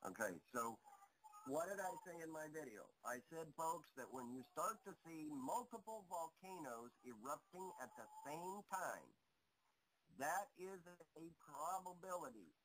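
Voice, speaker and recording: A hoarse man on a talk show, speaking bluntly and emphatically, swearing, repeating himself and pressing his points. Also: fairly high pitch, very animated, normal speed, a bit bright, a little hiss or hum, low-quality recording. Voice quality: coughing. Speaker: guest. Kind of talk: internet radio talk.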